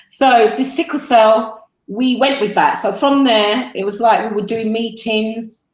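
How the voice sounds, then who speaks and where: A woman, a mother being interviewed, talking in a halting, emotional way with frequent fillers. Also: on the high side, steady tone, reverberant, poor audio. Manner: halting, tearful, with self-deprecating jokes. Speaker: guest, mother.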